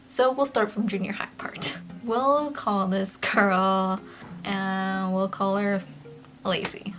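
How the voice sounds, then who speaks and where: A young woman vlogger of Mexican heritage, telling a casual storytime in a chatty, animated way with lots of "like" fillers. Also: faint music behind. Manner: chatty and animated, full of "like" fillers, with quick jumps in pitch.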